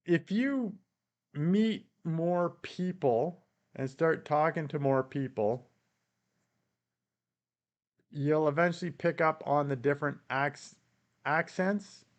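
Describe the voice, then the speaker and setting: A Canadian man hosts a relaxed live stream, reading viewer comments out loud and answering each one. His voice sits a little higher than most men's, and he chuckles often as he talks. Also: smooth, lo-fi sound. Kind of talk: casual live-stream chat.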